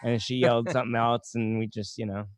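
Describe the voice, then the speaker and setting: A man's voice: medium pitch, flat delivery, no room sound. A man co-hosting a comedy podcast, joking and telling stories in casual chat. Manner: joking, storytelling, quick bursts. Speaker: podcast co-host.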